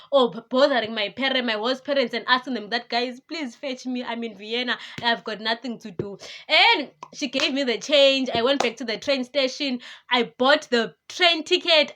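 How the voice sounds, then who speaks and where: A young woman tells her vlog story in a chatty, animated way, mimicking the people she met. Her voice sits high and sounds bright and forward. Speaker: vlogger. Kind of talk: casual storytelling to camera.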